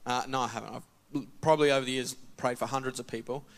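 This man, a member of a church, tells his testimony quickly in a medium-pitched voice. The storytelling is relaxed and lively, and he performs the dialogue himself.

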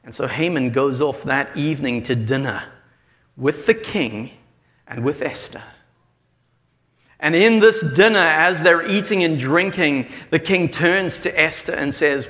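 A high-voiced, bright man preaches, retelling a story and acting out each character's lines with energy. His voice rings out with a long reverb, as if in a large hall. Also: unhurried. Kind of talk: sermon storytelling.

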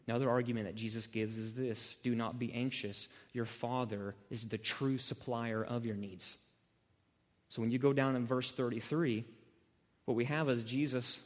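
A man preaching an expository sermon, emphatic and repetitive, swinging between loud urgency and hushed earnestness. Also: a little high. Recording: long hall reverb.

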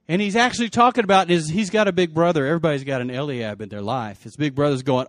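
Guy pastor preaching, kinda high voice, super dry sound, tells the story all casual and slangy. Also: fast talker, no echo. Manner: lively storytelling, acting out quotes in casual slang. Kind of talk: sermon.

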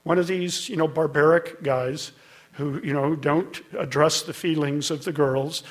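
A man's voice: a little high, steady tone, a little slow. A middle-aged man preaching a sermon, telling a story in a conversational way and building to emphatic peaks. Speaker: pastor.

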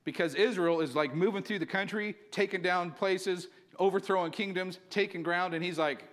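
A man's voice: sits high, normal speed, a bit bright. A male pastor preaching a sermon, telling the story casually and with energy, filling it with likes.

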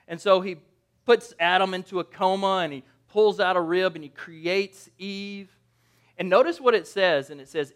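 A man's voice: high-pitched, moderate pace, fairly bright tone. A man preaching a sermon as a pastor, conversational and jokey, often checking in with the listeners and correcting himself mid-sentence. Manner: conversational, jokey, asks the audience "right?"; restarts and self-corrections.

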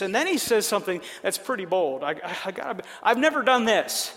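High-voiced preacher in a reverberant hall. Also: male voice, big pitch swings, fairly quick, fairly bright tone. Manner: conversational, checks in with listeners by asking "right?". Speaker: pastor. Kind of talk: sermon.

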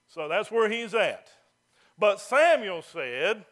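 A man, a pastor preaching a sermon, who reads scripture loudly and then drops low and mocking to make his points. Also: animated, slow pace.

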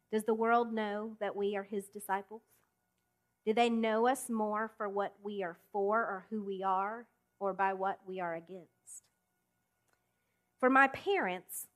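A woman preaching a sermon, speaking emphatically with deliberate pauses and direct questions to the congregation. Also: mid-range voice. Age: adult.

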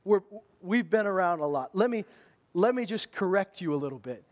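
A man preaching to his congregation with a high-pitched voice. He talks in a casual, conversational way and pushes his voice up to stress his points. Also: normal speed, dull audio. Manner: animated, conversational preaching with emphatic rises. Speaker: pastor. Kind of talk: sermon.

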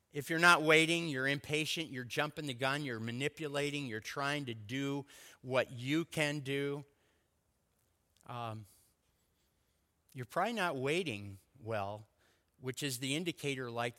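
A man delivers a sermon, his bright and pointed tone carrying long reverb through a large church hall. He tells stories with lively swings from loud declarations to quiet, intimate asides. His pitch sits in an ordinary middle range. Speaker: pastor.

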